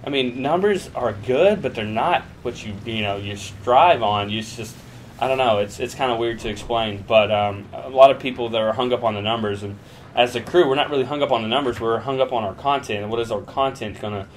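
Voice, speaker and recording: A man's voice: medium pitch, a little fast, a little hiss or hum. A young man casually answering viewer questions in a rambling, jokey way, swearing freely. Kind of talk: casual Q and A vlog.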